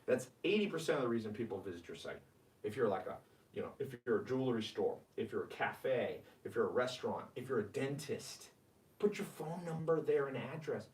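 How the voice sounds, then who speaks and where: A man delivers money tips to a live audience with lively energy and a preacher's push. His voice sounds like it comes from a few steps off the mic, and the room around him echoes. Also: mid-range voice, a little fast, far from the mic. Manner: energetic, animated, preachy, reads viewer comments aloud. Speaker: host. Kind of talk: live-streamed money advice talk.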